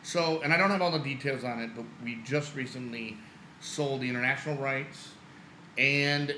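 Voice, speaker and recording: A man with a very bright, forward voice rambles through a casual podcast chat and laughs easily. The room around him is echoey, with faint ambient noise underneath. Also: mid-range voice, normal speed. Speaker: guest film producer.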